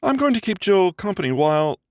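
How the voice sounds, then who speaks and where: A man's voice: high voice, very animated, fairly quick, no echo, studio quality, voice pushed up. Margot, a man voicing a cool, proper mother. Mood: cool, prim. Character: woman around thirty, devoted mother, cool and proper, with an accent.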